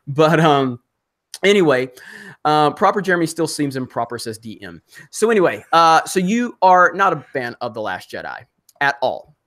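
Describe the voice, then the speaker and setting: A man from Alabama hosting a casual live stream, rambling with many fillers and restarts and quick to laugh. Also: on the high side, fairly bright tone.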